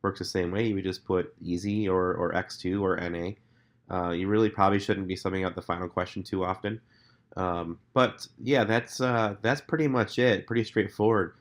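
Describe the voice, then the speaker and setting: A man's voice: low-pitched, normal speed. A man with a cold and a nasal voice, casually walking quiz hosts through a scoresheet with lots of ums and uhs. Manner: relaxed, filler-heavy, conversational. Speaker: staff member explaining a scoresheet to quiz hosts. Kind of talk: casual screen-recorded walkthrough.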